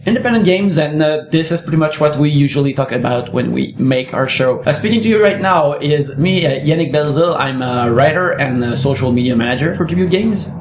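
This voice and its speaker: A man's voice: on the high side, expressive, a little fast, few pauses. A man, hosting a casual podcast chat, laughing and rambling. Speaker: podcast host. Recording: echoey office room with faint noise.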